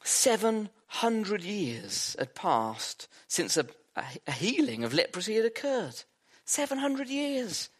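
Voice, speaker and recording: A man preaching a sermon, retelling a story vividly and dropping his voice low for emphasis. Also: animated, slow, slightly rough.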